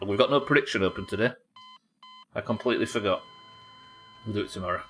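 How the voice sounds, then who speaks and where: A man from the UK streaming a survival game live, yelling at the game, swearing, and reading out chat messages. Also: lowish voice, quick pace, soft background music. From United Kingdom. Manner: excitable, swears a lot, yells at the game.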